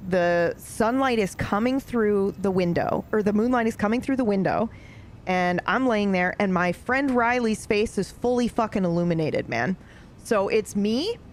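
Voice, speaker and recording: Animated, swearing woman telling a story. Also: medium pitch, a little hiss or hum. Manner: animated, swears freely, grows more excited. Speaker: streamer. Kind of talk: casual storytelling.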